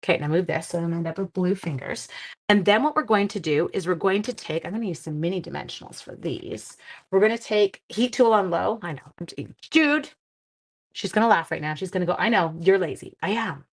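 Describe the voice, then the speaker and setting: A woman's voice: fairly low pitch, expressive, fairly quick. A middle-aged woman hosting a live card-making class, chatting with viewers as she works and wandering off into family stories. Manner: talks to viewers while working with her hands. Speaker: crafting class host.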